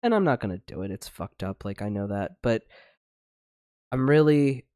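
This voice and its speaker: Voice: medium pitch, expressive, moderate pace, warm tone, clear, resonant tone, no room sound, studio quality. A podcast co-host ranting in a heated, blunt way with plenty of swearing during a casual discussion. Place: livestreamed online podcast.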